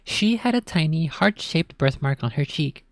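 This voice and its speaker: A woman narrating a spooky children's book in a dramatic reading, often dropping to a hush. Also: deep voice, expressive, normal speed, no echo, studio quality. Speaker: storyteller.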